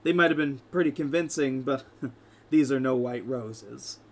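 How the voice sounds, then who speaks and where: A man's voice: mid-range voice, moderate pace, voice pushed down, close to an everyday voice. A man voicing a smug, devilish male dealmaker from below who calls people kid in a folksy way. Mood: sly.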